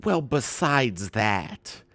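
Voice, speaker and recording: A man's voice: medium pitch, sing-song, extremely slow, fairly bright tone, no room sound, pitched above the performer's own voice, full character voice. Prim devout old grandma, as a man quotes her. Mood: matter-of-fact.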